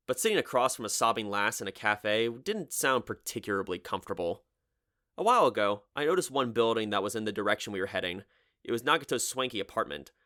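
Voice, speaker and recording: A man narrating a light novel audiobook in a dry, sardonic, measured way. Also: lowish voice, pushed and bright.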